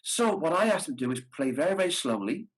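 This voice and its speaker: A man's voice: a little high, big pitch swings, fast talker, husky, rough recording. A man teaching a brass masterclass over a video call, explaining tonguing patiently and sounding out practice syllables. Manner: demonstrates articulation syllables aloud. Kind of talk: masterclass instruction.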